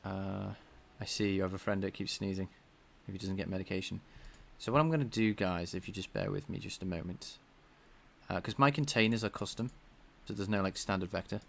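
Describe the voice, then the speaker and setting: A man with a slightly nasal voice, thinking out loud as he codes live and talks to his chat. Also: low-pitched, a little fast, creaky. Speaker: game developer streaming his coding. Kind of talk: casual live-coding chat.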